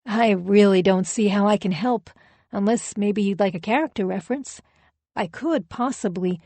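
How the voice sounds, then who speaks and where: A woman's voice: medium pitch, normal speed, mellow, no echo, close to an everyday voice. A woman reading the lines of a defensive middle-aged male pastor in an audiobook, in a formal, evasive way.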